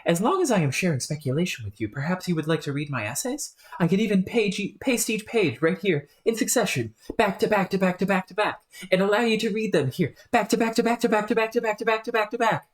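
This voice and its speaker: A woman voicing an eager, polite young alien girl scholar in a put-on British accent, talking in a chatty, formal and excitable way. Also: mid-range voice, quick pace, hardly any pauses, natural voice.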